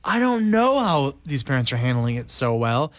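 Canadian male podcast co-host, animated and goofy, wide-ranging pitch. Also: moderate pace, no echo. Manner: animated, jokey, jumps into silly high voices. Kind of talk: casual podcast chat.

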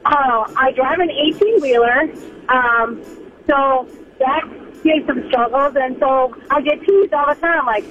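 High-voiced woman on a tinny phone line. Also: measured pace, a little hiss or hum. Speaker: caller, truck driver. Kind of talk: phone-in call.

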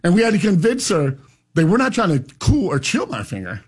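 This man has a husky, high-set voice that swings widely in pitch. He hosts a talk show and tells stories loudly, with lots of excitable energy. His delivery is casual and animated. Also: fairly quick. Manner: loud, excitable. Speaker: radio show host. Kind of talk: casual chat, animated storytelling.

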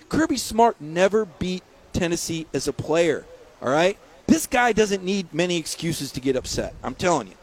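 A man as a guest on a sports radio show, talking in emphatic, rapid-fire rants with repeated words. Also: sits high, sing-song. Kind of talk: phone-in sports radio interview.

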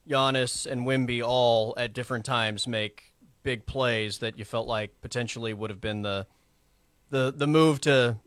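A male radio co-host chiming in with short, wry remarks in a studio. His voice sits at a middle pitch. The sound is dry and close. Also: fairly bright tone, dry recording. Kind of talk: casual studio chat.

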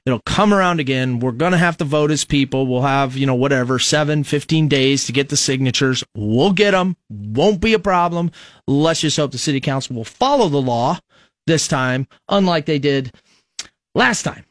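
A man's voice: mid-range voice, animated, moderate pace, dry recording. Chatty radio host man, dry studio sound. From Nebraska. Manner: rambling, conversational, many fillers. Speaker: radio talk show host. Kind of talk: conservative political talk radio monologue.

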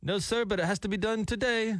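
A man's voice: sits high, a little fast, a bit bright, dry recording, studio quality, pitched above the performer's own voice. A man on the radio voicing an impatient male phone scammer with a foreign accent, stiff and insistent. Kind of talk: retelling a phone call on radio.

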